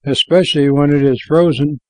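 Picture a soft, kindly moon spirit, a lady of the night sky, as a man reading aloud puts her on with a slightly raised, gentle lilt. She speaks invitingly and calmly, recorded dry and close. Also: on the high side, a little fast, dry recording, lightly acted, poor audio.

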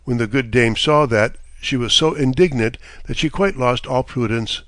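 Brief: steady male storybook narrator, mid-pitched voice, dead-dry recording. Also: normal speed, no echo. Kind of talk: storybook reading.

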